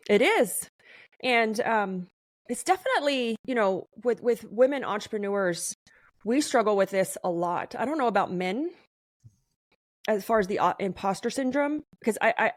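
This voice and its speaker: A woman hosting a conversational podcast interview, talking in an animated, emphatic way. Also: on the high side, no room sound, studio quality.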